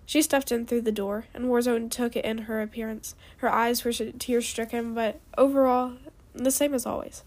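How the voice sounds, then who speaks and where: Female storyteller, fairly high voice, reads with halting restarts. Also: fairly even intonation, darkish tone. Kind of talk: reading a fan story aloud.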